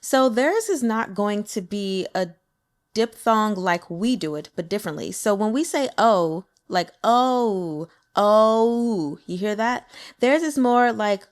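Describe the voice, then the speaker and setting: A woman's voice: mid-range voice, lively intonation, unhurried. A woman and native English speaker teaching pronunciation in a casual lesson, upbeat and demonstrating sounds with exaggerated examples. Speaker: language teacher.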